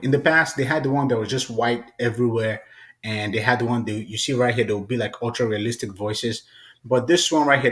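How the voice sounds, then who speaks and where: A man hosting a casual, chatty software tutorial. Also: mid-range voice. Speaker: tutorial host.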